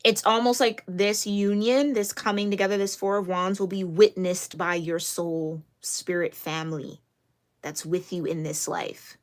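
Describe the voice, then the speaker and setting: Chatty, excitable woman reading tarot. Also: on the low side, measured pace. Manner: chatty and excitable, many fillers and restarts. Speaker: tarot reader.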